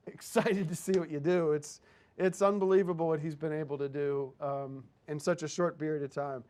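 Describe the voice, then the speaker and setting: A man's voice: a little high, a little mellow. A man hosting a comedic live show, bossy, blunt and profane as he directs a performer. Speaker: host.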